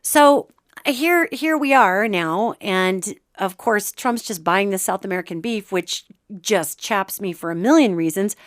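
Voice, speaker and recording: Woman, podcast host, casual talk, animated, mid-pitched, dry close mic. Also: no room sound. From Montana. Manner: chatty, animated, acts out quotes. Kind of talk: casual spiritual commentary.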